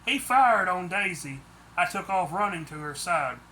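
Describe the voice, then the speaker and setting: A man's voice: high voice, lively intonation, normal speed, sharp tone, a little hiss or hum. A man reading a first-person story aloud, plain delivery with some stumbles and restarts. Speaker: audiobook narrator.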